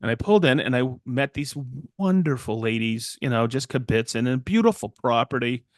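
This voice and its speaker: A middle-aged man, co-hosting a podcast and telling a long story in a rambling, animated way, acting out the people in it. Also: medium pitch, fairly quick, no echo, clean studio sound. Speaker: podcast co-host and woodworker. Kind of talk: casual storytelling chat.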